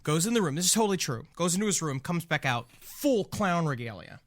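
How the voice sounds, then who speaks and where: A man co-hosting a podcast, animated storyteller who acts out voices in casual comedic chat. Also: on the high side, fairly quick, no echo. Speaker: podcast co-host.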